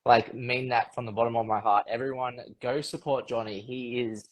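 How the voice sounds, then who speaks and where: A man's voice: medium pitch, fairly even intonation, normal speed, poor audio. A man hosting a casual interview, earnest and effusive, repeating himself as he speaks. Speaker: interview host.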